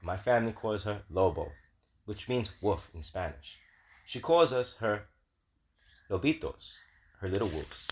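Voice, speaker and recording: Deep-voiced man reading a children's story. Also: animated, unhurried, slight background noise. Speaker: storybook reader. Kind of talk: children's read-aloud.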